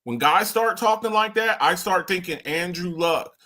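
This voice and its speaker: Male podcast host, high bright voice, rambling and fired-up sports takes. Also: moderate pace. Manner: animated, rambling, repeats himself, swears casually. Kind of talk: casual sports talk commentary.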